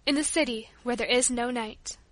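A woman's voice: on the high side, normal speed, fairly bright tone, no room sound. A woman reading the lines of a kind, devout female schoolteacher, speaking tenderly and consolingly.

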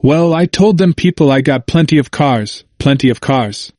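A man's voice: mid-range voice, normal speed, a little mellow, no room sound, studio quality, lightly acted. A man reading an audiobook voices a confused, frightened older man who speaks emphatically in a plain dialect and repeats himself. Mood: emphatic.

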